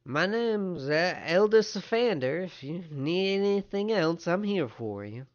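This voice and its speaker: A man doing a halting old village elder. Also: high-pitched, expressive, highs cut off, voice pushed up. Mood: hesitant. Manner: halting, filler-heavy.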